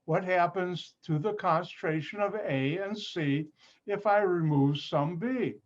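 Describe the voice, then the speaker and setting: This chemistry professor's voice sits high and moves a little slowly as he patiently teaches his online class, going over points again and slipping in playful remarks. Captured on a computer microphone during a video call, the audio is muffled and lo-fi.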